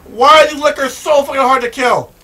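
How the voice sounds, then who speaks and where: A man recording let's-play commentary, profane and excitable, with shouting outbursts and repetitive rants. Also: very high-pitched, brisk. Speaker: gaming video host.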